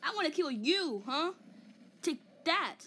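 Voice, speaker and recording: A woman's voice: high-pitched, sing-song, unhurried, a bit bright, a little hiss or hum, heavily acted. A woman voicing a vain, hot-tempered giant male ape in a comic fan dub, taunting and boasting with mock roars.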